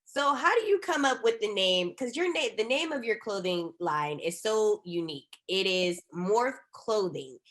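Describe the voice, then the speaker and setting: A woman's voice: mid-range voice, animated, measured pace, a bit bright. A woman hosting a podcast, asking her guest casual, encouraging questions. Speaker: podcast host. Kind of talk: casual interview.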